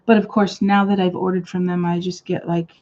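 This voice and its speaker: A woman's voice: on the low side, little pitch movement, brisk, darkish tone, muffled recording. A woman hosting a live crafting stream, chatting casually and rambling with lots of fillers. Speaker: crafting channel host.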